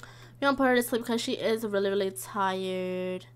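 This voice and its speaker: A woman's voice: medium pitch, normal speed. A young woman giving chatty, dramatic commentary while playing a life-sim game, talking straight to her viewers. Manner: chatty, dramatic, squeals and laughs, talks to the viewers. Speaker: gaming streamer. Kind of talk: casual Let's Play commentary.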